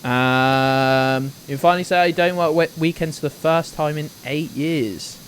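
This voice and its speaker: This clip has a slightly high-voiced, unhurried British man in his twenties with a little background noise. He's streaming a game live, rambling casually, cursing occasionally and calling out viewers by name.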